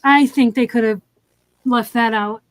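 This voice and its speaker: A woman's voice: on the high side, fairly even intonation, unhurried, no echo. A woman hosting a casual movie review chat, recapping scenes with lots of "um"s. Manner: retelling scenes with many fillers. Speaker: podcast host.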